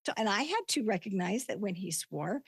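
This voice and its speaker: An older woman, a life coach, telling stories in a relaxed interview, acting out quotes with lots of laughter. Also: mid-range voice, fairly quick, slightly rough, no room sound. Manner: animated storytelling, acts out quotes, laughs often. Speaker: podcast guest, life coach. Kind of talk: conversational interview.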